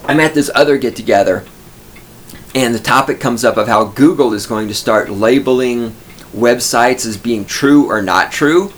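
A man's voice: mid-range voice, normal speed. A middle-aged man from Texas, hosting a podcast and telling a scornful, profanity-laced story as a ranting monologue. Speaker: podcast host.

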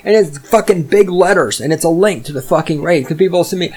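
A man's voice: a little high, a little fast, hardly any pauses, a little mellow, slightly rough. Profane, sarcastic man ranting. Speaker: podcast host. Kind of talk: solo rant monologue.

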